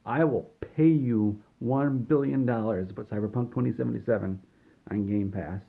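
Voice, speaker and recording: A man's voice: medium pitch, moderate pace, vocal fry, breathy edge. A desperate studio boss makes a stiff, formal offer in a slightly raised voice, as a man plays him. It comes through tinny and phone-like. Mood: pleading.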